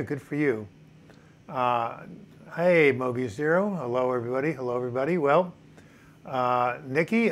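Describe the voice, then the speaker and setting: A man with a medium-pitched, fairly bright voice hosts his weekly casual live chat from home in Portland, Oregon. He reads out viewers' names and comments, using frequent fillers, while faint music and outdoor noise drift in the background.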